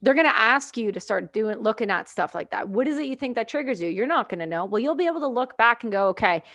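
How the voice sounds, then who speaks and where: A woman's voice: fairly high pitch, animated, fast talker, a bit bright. Blunt, encouraging woman podcast host. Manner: encouraging, blunt, swears freely. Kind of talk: casual chat.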